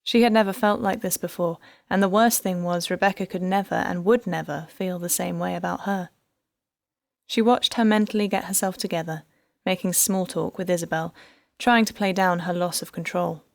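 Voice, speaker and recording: A woman reads an audiobook in a low, soft, measured voice. The sound is dry and close, with no room around it. Her narration stays calm and steady between the lines of dialogue. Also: creaky, no room sound.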